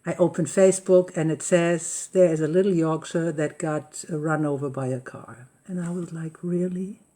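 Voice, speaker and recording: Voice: medium pitch, steady tone, moderate pace, mellow. A host telling everyday personal stories in a rambling, chatty way, often searching for the right English words. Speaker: host of a live coffee-and-talk session. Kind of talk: casual personal storytelling. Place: lives on a rural estate in Mallorca.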